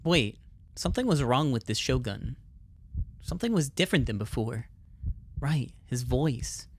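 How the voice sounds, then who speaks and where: A man's voice: medium pitch, very animated, measured pace, slight background noise. A man streaming, reading a visual novel's text aloud expressively, with casual asides.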